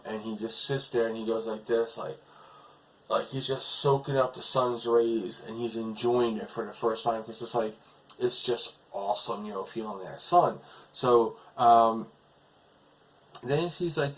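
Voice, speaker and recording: Low-voiced man rambling through a recap. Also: a little hiss or hum, rough recording. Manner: rambling retelling full of fillers. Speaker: TV episode reviewer. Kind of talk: casual episode recap.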